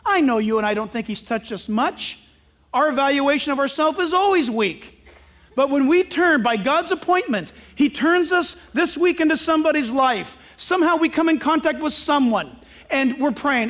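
A male pastor preaching a sermon in an animated way, asking rhetorical questions and breaking into sudden shouts. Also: extremely high pitch, moderate pace.

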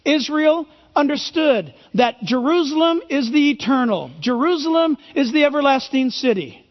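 A man's voice: very high-pitched, animated, moderate pace. A male pastor preaching a sermon, emphatic and full of rhetorical questions. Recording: reverberant hall, dull lo-fi sound.

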